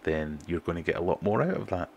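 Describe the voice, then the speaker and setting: A middle-aged British man hosting a relaxed livestream, chatting and reading out viewer comments in a self-deprecating way. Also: sits low, fast, gravelly, dull audio, slight background noise. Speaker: fishkeeping livestream host. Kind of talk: casual livestream chat.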